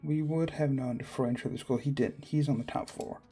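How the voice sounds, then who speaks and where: A man voicing a calm, stern middle-aged woman guard in a visual novel, read in a flat way. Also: mid-range voice, fairly quick, slightly rough. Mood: firm.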